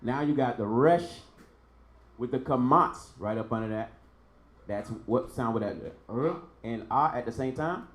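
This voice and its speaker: A man's voice: medium pitch, a little slow, fairly bright tone, roomy sound. A man teaching a Hebrew class, patiently repeating each sound for his student. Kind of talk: online language lesson.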